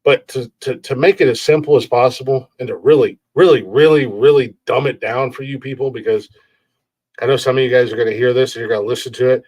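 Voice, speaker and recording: A man's voice: medium pitch, fast, a little mellow. A man hosting a podcast, ranting in a rambling, profane way and laughing at his own jokes. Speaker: podcast host.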